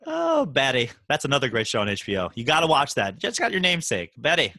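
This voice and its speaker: A man's voice: mid-range voice, wildly swooping pitch, creaky, pushed and bright, dry recording. A man hosting a podcast, chatting casually and joking with his guest. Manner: playful, joking, quick. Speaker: podcast host.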